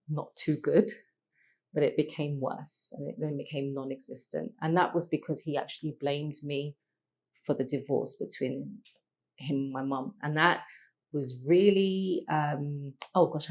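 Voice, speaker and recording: Brief: middle-aged woman, guest telling her life story, low voice, halting and reflective. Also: darkish tone. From London, England. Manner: reflective, halting, with many restarts and pauses. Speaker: podcast guest. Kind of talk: emotional personal storytelling.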